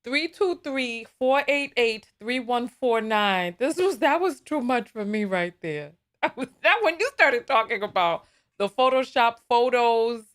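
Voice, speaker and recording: A woman's voice: a little high, animated, unhurried. A woman hosting a live call-in talk show, laughing often and sounding exasperated.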